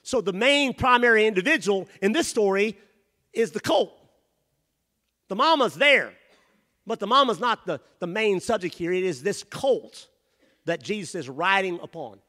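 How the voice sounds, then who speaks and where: High, bright-voiced preaching pastor. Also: male voice, expressive, moderate pace. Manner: builds to shouting preaching, then drops to quiet asides. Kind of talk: sermon. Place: church sanctuary.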